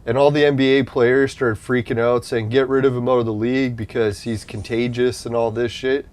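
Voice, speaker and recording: A man chatting casually on a livestream, rambling and swearing, laughing at his own points and talking straight to his chat viewers. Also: medium pitch. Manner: addresses chat viewers directly.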